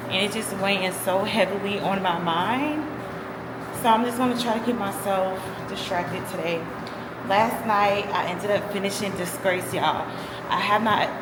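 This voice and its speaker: Young mom rambling to camera, lots of y'all and like, echoey room, loud fan going. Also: female voice, mid-range voice, very noisy. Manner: emotional, rambling, with fillers and "y'all". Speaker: vlogger. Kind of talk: casual vlog chat. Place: home with a fan running.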